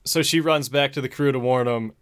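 Male host, easygoing and foul-mouthed, plot-recap delivery at an ordinary pitch. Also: brisk, a bit bright, clean tone. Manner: profane, laid-back retelling with chuckles. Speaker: podcast host. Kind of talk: casual movie recap.

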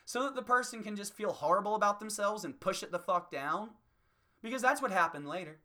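Sharp-voiced man in a profane comedy rant. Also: high voice, animated, a little fast. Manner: profane, heated, ranting. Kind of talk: stand-up rant.

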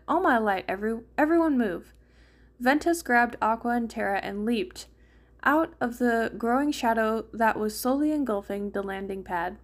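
A woman reading fan fiction aloud in a casual way, with a few small slips. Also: fairly high pitch.

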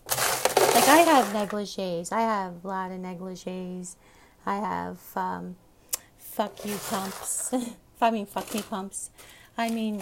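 A woman's voice: medium pitch, heavy background noise. A middle-aged woman hosting her own show, chatting in a rambling, affectionate way into a phone. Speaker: podcast host. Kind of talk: casual chat.

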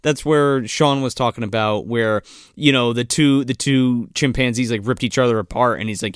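A man's voice: medium pitch, moderate pace, clean tone, no echo, studio quality. A man co-hosting a casual podcast, recapping a movie in a rambling, profane way and laughing often. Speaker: podcast co-host. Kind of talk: casual chat recapping a film.

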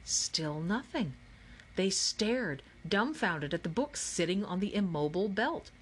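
A woman narrating a children's novel as an audiobook, in a clear, even storytelling manner. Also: medium pitch, measured pace. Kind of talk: scripted narration.

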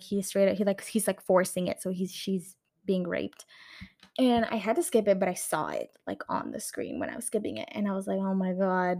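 A woman's voice: mid-range voice, dark tone. A young woman ranting casually on her vlog, heated and swearing often, full of fillers and restarts, recorded on a camera mic indoors at home. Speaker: video creator reviewing a film.

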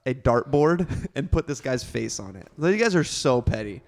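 A man hosting a casual podcast, talkative, with quick asides and casual swearing. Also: medium pitch, very animated. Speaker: podcast host. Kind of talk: casual chat.

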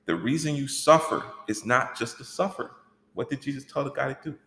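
A man teaching a church workshop in an animated, conversational way, asking rhetorical questions. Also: mid-range voice, fairly quick, vocal fry. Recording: echoey hall with long reverb.

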